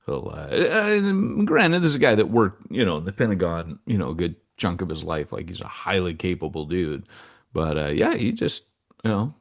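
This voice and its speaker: Deep-voiced, lively male podcast host. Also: moderate pace, creaky. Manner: animated storyteller, slangy, fond of asides. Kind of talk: casual podcast chat.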